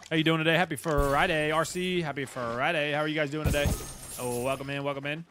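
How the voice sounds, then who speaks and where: A man hosting a casual live game stream, chatting with viewers and greeting them by name, with excitable bursts. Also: fairly high pitch, fast, background noise. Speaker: livestream host. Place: at work, indoors.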